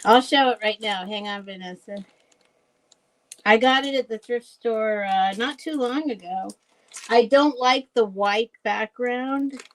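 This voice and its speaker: A woman hosting a casual live vintage sale, chatty and rambling, laughing often and thinking out loud. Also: on the high side, unhurried, low-quality recording. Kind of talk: casual live selling chat.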